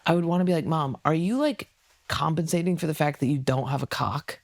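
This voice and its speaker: A young woman tells stories at a rapid clip on a casual podcast. She talks bluntly and swears freely, and she keeps slipping into other people's voices mid-story. Her delivery stays quick and lively. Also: sits low. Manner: fast, animated storytelling, acting out other people's lines; blunt and profane. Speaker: comedian guest.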